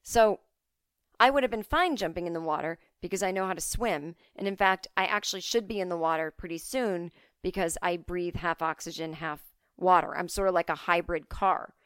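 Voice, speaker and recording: A woman's voice: lowish voice, moderate pace, fairly bright tone, clear, resonant tone, no room sound, lightly acted. A woman voicing a blunt, laid-back half-man half-fish guy who talks in a matter-of-fact, slightly annoyed way.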